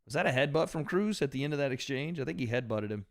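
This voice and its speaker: Brief: male streamer, mid-pitched, loose profane banter with his chat, dry close sound. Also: lively intonation, quick pace, no echo. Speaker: livestream host. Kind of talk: casual fight watch-party commentary.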